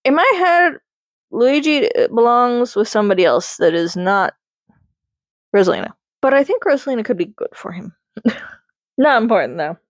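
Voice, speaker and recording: A young woman rambling casually through a movie review, chatty and excitable, laughing often. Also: on the high side, normal speed, pauses often, no echo.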